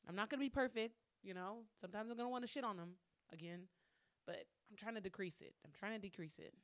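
A woman's voice: medium pitch, fast talker, no room sound. A woman vlogging casually to her viewers, talking frankly with lots of swearing, repeating phrases and laughing between lines. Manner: candid, profane, talks herself through anger with repeated phrases. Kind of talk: casual monologue to camera.

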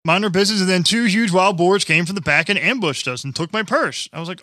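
A man's voice: high-pitched, animated, fast, few pauses, bright, forceful tone, no room sound, clean studio sound. A man co-hosting a casual comedy chat, swearing freely and joking crudely while reading out news stories. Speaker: podcast co-host.

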